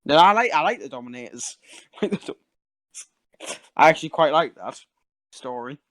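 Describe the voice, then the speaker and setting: A Geordie man chatting casually on a podcast, his voice pitched high for a man. He laughs often and swears freely. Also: expressive, moderate pace, a bit bright, no echo. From England. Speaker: podcast host. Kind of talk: casual chat.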